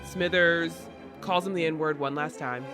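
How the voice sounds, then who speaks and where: A man co-hosting a podcast, recapping a play in a lively, conversational way. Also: on the high side, unhurried, over music. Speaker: podcast co-host. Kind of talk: animated story recap.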